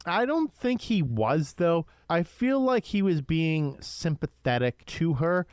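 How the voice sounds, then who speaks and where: A young man co-hosting a podcast, casually reviewing a horror film with an excitable, profane manner. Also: a little high, slow, clean tone, no echo. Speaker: podcast co-host.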